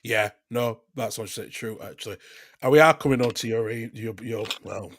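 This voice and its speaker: A man's voice: on the low side, moderate pace, a bit bright. A man co-hosting a casual football podcast, rambling through his points with fillers and restarts. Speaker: podcast co-host.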